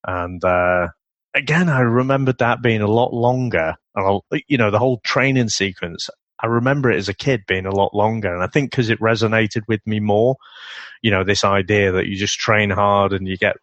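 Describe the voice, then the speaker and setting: A man's voice: fairly low pitch, moderate pace, fairly bright tone, no room sound, dull audio. A man co-hosting a podcast, chatting casually about an old martial arts film, often laughing and mimicking lines. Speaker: podcast co-host.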